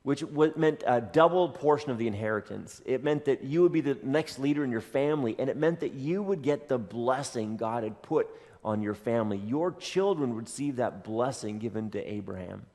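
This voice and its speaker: A man's voice: mid-range voice, animated, moderate pace, a little mellow. A man preaching a sermon as a pastor, telling a story in a conversational way with dry jokes. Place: church sanctuary. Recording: long hall reverb.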